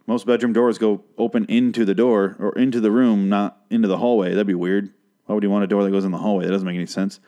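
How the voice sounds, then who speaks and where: A man's voice: fairly low pitch, little pitch movement, quick pace, warm tone. A man hosting a podcast, recapping a TV episode in a rambling, sarcastic way with a lot of swearing, talking into a handheld microphone.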